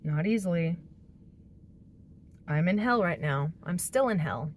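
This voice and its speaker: A woman's voice: fairly low pitch, animated, a little slow, darkish tone, a little hiss or hum. A woman talking through her personal struggles in a confessional vlog, rambling and emotional as she vents. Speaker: vlogger.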